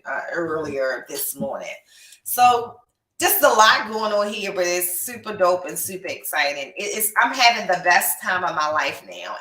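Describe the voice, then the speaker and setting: A woman's voice: deep voice, pushed and bright. A young adult woman hosting a podcast, chatting casually and effusively while reading out viewer comments. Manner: gushing, effusive, emotional. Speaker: podcast host and reptile breeder. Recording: echoey room, distant mic.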